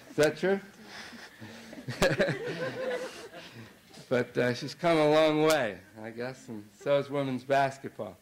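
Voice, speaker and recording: Captured in a low-quality recording, a middle-aged basketball coach with a mid-range voice tells an extended anecdote as an after-dinner banquet speech. His delivery is full of fillers and false starts.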